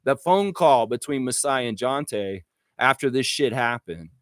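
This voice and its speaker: A man with a mid-range voice hosts a live stream, speaking a little slowly in clean studio sound without echo. He's excitable and profane, ranting casually with lots of swearing and reading viewer comments aloud.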